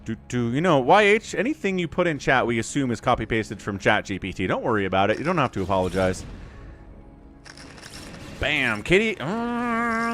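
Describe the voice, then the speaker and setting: Lively, excitable male game caster. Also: fairly high pitch. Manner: excitable, chatty, laughs often. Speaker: esports caster and streamer. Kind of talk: live game commentary with chat interaction.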